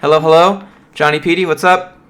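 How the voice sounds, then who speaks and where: A man's voice: fairly high pitch, level tone, fairly quick, fairly bright tone, clean tone. A young man on a casual livestream, reading and answering viewer chat in a blunt, motivational way. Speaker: streamer, software developer.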